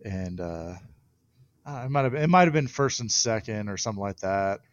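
A man's voice: fairly low pitch, brisk, dull audio. Laughing man telling stories. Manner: animated storyteller, laughs often. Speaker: guest pitcher. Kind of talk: casual podcast chat.

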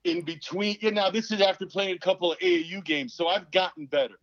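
A man in his fifties tells a story as an interview guest, animated and playing out each person he quotes. His voice sits fairly high for a man. The recording is dull and dry, with no room sound. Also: quick pace, vocal fry, no room sound. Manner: animated, acts out quoted people. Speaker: guest, former pro basketball player.

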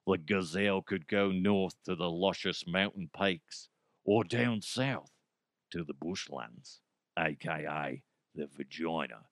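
A man putting on a mock Australian accent to play a leering male nature-documentary narrator in a hushed, lewd drawl. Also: low voice, slow pace, dry recording, clean studio sound, pitched below the performer's own voice.

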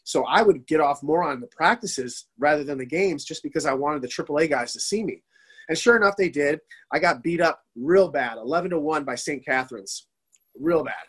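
A man's voice: on the high side, brisk, slightly rough. A middle-aged man from the Detroit area, telling a hockey story in casual conversation, swearing and acting out what others said. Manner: storytelling, animated, swearing, acts out quotes. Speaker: guest, former youth hockey goalie.

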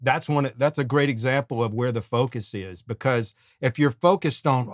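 Animated middle-aged man, dry close sound. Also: medium pitch, normal speed, dry recording. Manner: animated, sings melody fragments, acts out quotes. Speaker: podcast co-host and songwriting teacher. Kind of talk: casual conversational advice.

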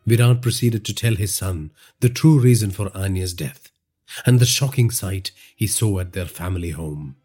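A man with an Indian English accent narrates crime fiction in a measured, dramatic way. His voice is low, dark and husky, with a lively rise and fall. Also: faint music behind. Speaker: podcast storyteller.

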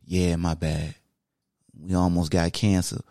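Man puts on a laid-back, sheepish male DJ sidekick with a low, mumbling delivery for two-voice podcast banter. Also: flat delivery, unhurried, dark tone, no room sound, clean studio sound.

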